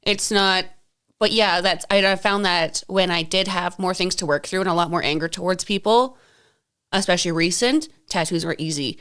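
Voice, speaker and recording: A woman's voice: on the low side, normal speed, fairly bright tone, clear, resonant tone. A woman hosting a podcast in casual chat, speaking frankly and swearing freely. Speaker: podcast host.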